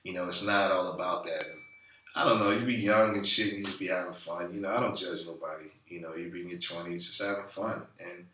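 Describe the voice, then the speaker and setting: A man with a low, forceful, bright-edged voice talks off the cuff, swearing freely and circling back with fillers. The sound is roomy and echoey, picked up from a bit away from the mic. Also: steady tone, fairly quick, distant mic. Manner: loose, profane, rambling with many fillers. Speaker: vlogger. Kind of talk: casual talking-head monologue.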